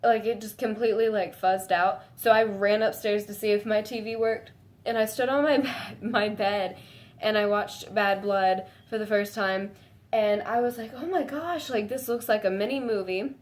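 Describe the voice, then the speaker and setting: Woman, casual vlog chat, gushing and excitable, heavy "like" filler, sudden squeals. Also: normal speed. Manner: breaks into high squeals when excited. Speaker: fan vlogger.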